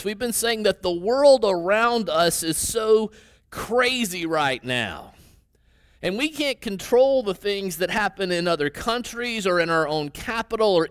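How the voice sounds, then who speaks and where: A man's voice: high voice, a bit bright, no room sound, clean studio sound. A man preaching a sermon as pastor, in a conversational way that often quotes his listeners and checks in with a "right?". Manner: conversational preaching, tag questions, quoting listeners in their voices.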